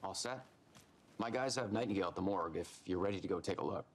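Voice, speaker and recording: A laid-back small-town sheriff. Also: male voice, sits low, fast. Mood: friendly.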